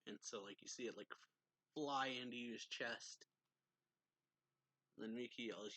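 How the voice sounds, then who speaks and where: A man's voice: mid-range voice, fairly even intonation, unhurried, pauses often, a bit bright. A man giving a casual, rambling recap of a manga chapter as a reviewer. He fills his talk with "like" and reads quoted lines aloud along the way.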